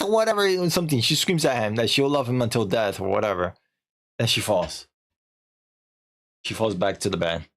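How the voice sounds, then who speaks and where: A man's voice: fairly low pitch, lively intonation, moderate pace, a bit bright. Young guy streaming, rambling story recap, lots of slang and filler, voice bouncing all over.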